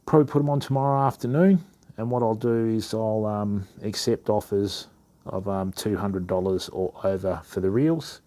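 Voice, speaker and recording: Matey Australian man, mellow voice. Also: lowish voice, moderate pace. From Western Australia. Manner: casual, matey, chats to viewers while working. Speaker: fishing channel host. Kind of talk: live-stream reel maintenance demo.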